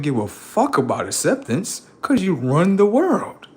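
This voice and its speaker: A man hosting a live stream and talking to his chat in a rambling, preachy way, full of profanity and street slang, dropping to low mutters and jumping up to high outbursts. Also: huge pitch swings, measured pace, few pauses, a little mellow, breathy edge. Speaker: livestream host.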